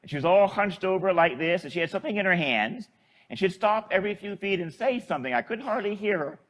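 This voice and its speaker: A priest with a fairly high voice tells a homespun story from the pulpit. His delivery is conversational and folksy, and he chuckles as he goes. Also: animated, quick pace, fairly bright tone. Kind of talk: storytelling homily.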